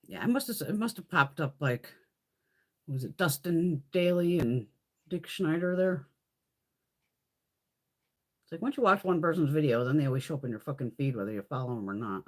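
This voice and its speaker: A woman with a fairly low voice chats on a live makeup stream. Her pitch swings widely as she rants in a blunt, profane, gossiping way. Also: lively intonation, moderate pace, pauses often. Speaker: beauty livestream host. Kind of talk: casual chat during a live makeup swatch stream. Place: home, in Connecticut.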